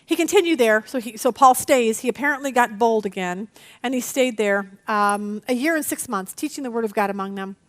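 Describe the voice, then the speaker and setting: A middle-aged woman teaching a women's Bible study, chatty and animated, telling stories against herself. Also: on the high side, fairly quick. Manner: animated, chatty, self-deprecating storytelling.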